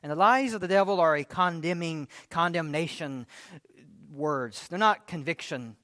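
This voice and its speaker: Preacher guy giving a sermon, fairly high voice, earnest, lots of rhetorical questions. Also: moderate pace, pushed and bright, no echo, clean studio sound.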